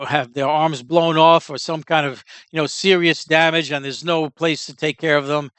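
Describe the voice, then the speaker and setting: A man's voice: on the high side, fairly bright tone, clean tone, no echo. A man giving a casual, rambling opinion monologue as a commentator, blunt and prone to digressions.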